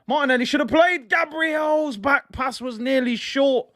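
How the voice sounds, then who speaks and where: A young man with a strikingly high-pitched voice hosts a live watch-along of a football match. He is excitable and emotional, and often tips into exasperated shouting. The sound is dry and close, with no room echo. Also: normal speed. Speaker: fan stream host.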